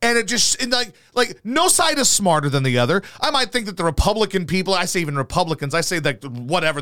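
A man's voice: high-pitched, bright, forceful tone. A man co-hosting a podcast at home, ranting in a combative, sarcastic way and swearing constantly. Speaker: podcast co-host. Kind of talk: profane comedic rant. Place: house.

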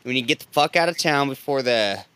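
A man's voice: medium pitch, animated, fast talker, sharp tone, smooth, no echo. A man playing a tabletop game, talking urgently and profanely and repeating himself. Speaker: player. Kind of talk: casual tabletop game chat.

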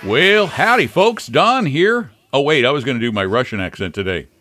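Animated, joking male radio host. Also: mid-range voice, normal speed, faint music behind. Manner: animated, joking, repeats words. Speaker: radio finance show co-host. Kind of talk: casual talk radio banter. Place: Florida.

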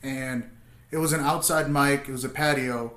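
A man's voice: mid-range voice, steady tone, moderate pace, fairly bright tone, reverberant. A man hosting a casual chat, telling stand-up stories in a loose, joking way. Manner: laid-back storytelling, crude jokes. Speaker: podcast host and stand-up comedian.

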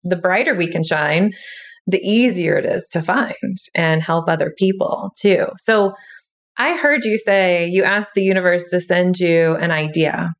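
Low-voiced reflective woman host. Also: a little slow. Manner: reflective, spiritual framing, asking open questions. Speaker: podcast host. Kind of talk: casual podcast conversation.

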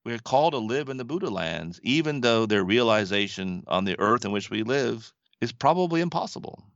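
A man's voice: medium pitch, lively intonation, a little fast, no room sound, dull audio. A man from the western United States, a Buddhist teacher, earnestly telling a story in reflective conversation. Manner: storytelling, earnest, laughs softly.

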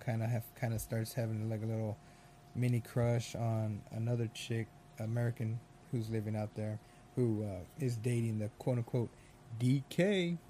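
A man's voice: lowish voice, warm tone, slight background noise. A man ranting casually and sarcastically about movies, swearing and rambling.

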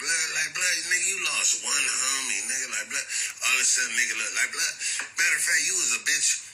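A man's voice: mid-range voice, animated, moderate pace, over music, rough recording. A man delivering a heated, profane, repetitive rant in street slang, mocking someone as he talks. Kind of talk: ranting street-slang monologue.

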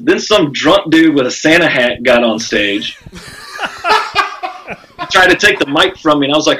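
Bright-voiced man telling a rowdy story. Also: a little high, a little fast, breathy edge, low-quality recording. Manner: animated, profane, acts out quotes with raised voice. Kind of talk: casual storytelling on a podcast.

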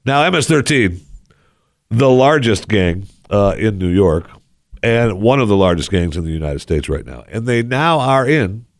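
A man's voice: on the low side, animated, a little slow, vocal fry, no room sound, studio quality. A man hosting a talk radio show into a headset mic, speaking in a put-on folksy drawl with a wry, sarcastic tone. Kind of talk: casual talk radio monologue. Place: radio studio.

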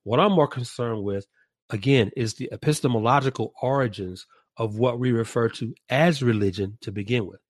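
A man leading a reflective podcast discussion, speaking deliberately and restating his points in several ways. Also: medium pitch, no room sound.

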